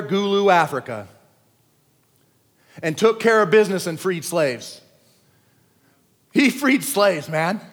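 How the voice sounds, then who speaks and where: High-voiced pastor preaching in a big hall. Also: male voice. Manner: animated storytelling, dropping to a hush for quiet moments. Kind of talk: sermon. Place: large church hall. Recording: long reverb of a big hall.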